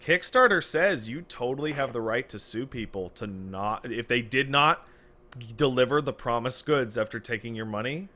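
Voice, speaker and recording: A man co-hosting a podcast, talking casually in an animated, emphatic way and swearing freely. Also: medium pitch, normal speed. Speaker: podcast co-host.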